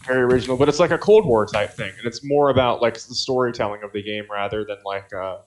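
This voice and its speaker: A man's voice: lowish voice, brisk, heavy background noise. A man co-hosting a podcast in casual chat, laid-back and wry, playing a video game as he talks. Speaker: podcast co-host.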